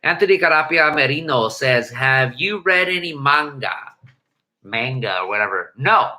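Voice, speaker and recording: A man hosts a casual livestream, reading viewer comments and riffing at length. His voice is strikingly bright and forward. He swears freely and wanders through restarts and asides. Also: mid-range voice, expressive, moderate pace. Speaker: livestream host.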